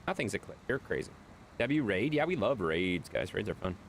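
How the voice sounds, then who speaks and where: Chatty male streamer with lively pitch. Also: normal speed, slight background noise. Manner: rambling, chatty, reads and answers viewer chat. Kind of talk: casual live-stream chat.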